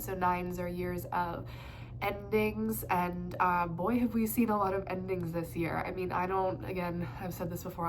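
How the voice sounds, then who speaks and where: A young woman in her twenties talks through a casual spiritual vlog, her voice a bit low and her nose stuffed from a cold. She rambles with lots of fillers and restarts. A faint hiss of noise sits under the recording. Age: 20s. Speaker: tarot and astrology vlogger.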